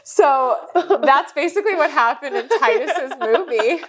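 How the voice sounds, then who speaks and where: A woman's voice: high-pitched, animated, measured pace, fairly bright tone. A woman co-hosting a podcast, telling stories in casual chat, candid and profane, often laughing as she talks. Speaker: podcast co-host.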